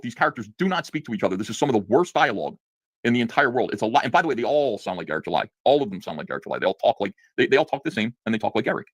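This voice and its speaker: Man, comic reviewer, fast-paced, sarcastic, dry close sound. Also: fairly low pitch, no echo. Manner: sarcastic, indignant, rapid-fire. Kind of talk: video review commentary.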